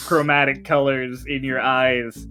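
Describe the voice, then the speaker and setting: A man's voice: mid-range voice, little pitch movement, unhurried, sharp tone, faint music behind. A man narrating as dungeon master in a casual tabletop game session, swearing and joking with players. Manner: casual, swears, plays NPC voices.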